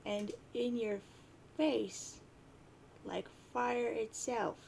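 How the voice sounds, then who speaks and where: Blind troll girl, teasing, smug, gravelly voice, read by a woman. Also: on the high side, fairly even intonation, very slow, darkish tone, a little hiss or hum, full character voice. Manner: reading chat lines aloud in a near-plain voice.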